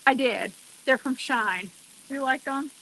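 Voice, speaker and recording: A woman with a fairly high voice chats casually while she cooks outdoors on a deck. She talks straight to her viewers and exclaims freely as she works. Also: takes it slowly, sharp tone. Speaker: cooking vlogger. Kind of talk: casual chat while cooking.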